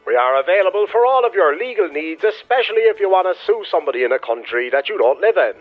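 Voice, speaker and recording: A man voicing a pompous male lawyer's recorded phone message, delivered in a smarmy sales-pitch manner. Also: very animated, fast talker. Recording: tinny phone line with music behind.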